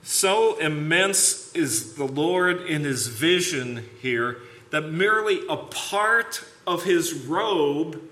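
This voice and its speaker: A man's voice: a little high, animated, slow pace, bright, forceful tone, reverberant. A man preaching a sermon in a church, building emphasis on key words. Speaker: pastor. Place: church sanctuary.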